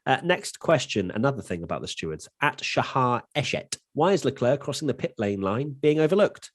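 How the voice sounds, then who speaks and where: A young man co-hosting a casual podcast, giving animated opinions. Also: medium pitch, a little fast, no echo, clean studio sound. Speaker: podcast co-host. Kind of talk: casual chat.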